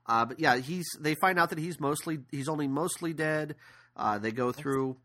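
Podcast co-host, male, bright forceful tone, rambling casual film recap. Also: a little high, normal speed. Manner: rambling retelling with fillers. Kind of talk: casual movie discussion.

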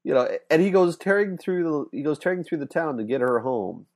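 A man's voice: a little high, brisk. A man co-hosting a podcast in casual chat, retelling a story and acting out the lines, with lots of fillers. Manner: animated retelling, acts out quoted lines, many fillers.

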